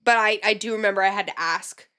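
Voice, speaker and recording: A woman's voice: medium pitch, quick pace, sharp tone, smooth. A woman from Canada with a slight Boston-like stretch in her accent, co-hosting a casual chat podcast and telling stories animatedly. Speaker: podcast co-host.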